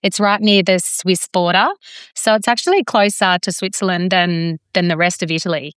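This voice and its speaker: A woman's voice: fairly low pitch, fairly even intonation, normal speed, a bit bright, clean tone, no room sound, clean studio sound. A woman from Australia, a podcast guest chatting enthusiastically, with frequent ums and restarts. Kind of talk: casual chat.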